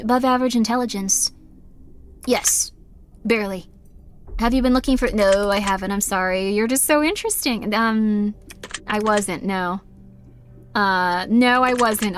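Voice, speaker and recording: A woman streaming a game live, giggling, apologizing and reading questions aloud before answering them. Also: fairly high pitch. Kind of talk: live gameplay commentary.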